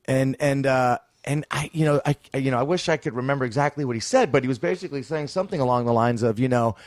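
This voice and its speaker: A man guesting on a podcast spins a long anecdote, circling back and restarting his sentences and swearing casually. His voice sits at an ordinary middle pitch. The sound is dry and close. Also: fast, dry recording. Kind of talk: casual storytelling chat.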